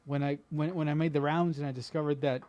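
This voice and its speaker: A man with a fairly high voice speaks earnestly in a casual chat. He works through his thoughts with plenty of fillers and um's, and the sound is dry and close. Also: steady tone, quick pace, darkish tone, dry recording, muffled recording. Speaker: podcast guest.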